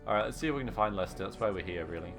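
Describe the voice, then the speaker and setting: A man's voice: on the low side, animated, rapid-fire. A man streaming a video game, chatting casually and joking with his viewers. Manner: chatty, joking, laughs often. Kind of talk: casual live-stream commentary. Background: faint game music.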